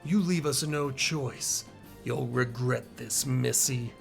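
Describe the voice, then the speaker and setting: A man voicing a stern male knight commander, speaking low and curtly, with a gravelly edge. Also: slow pace, over music. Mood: threatening. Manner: low, curt, threatening.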